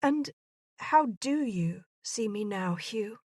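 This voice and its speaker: A woman's voice: medium pitch, expressive, slow, a little mellow, no room sound, studio quality. A woman voicing a headstrong, wary young lady with short guarded replies in a romance audiobook. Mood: anxious.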